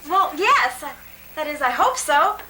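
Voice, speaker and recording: A woman's voice: high-pitched, sing-song, unhurried, bright, forceful tone, full character voice. A woman playing a boastful but hesitant female social secretary. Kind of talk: radio-style comedy drama. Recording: distant mic, faint noise.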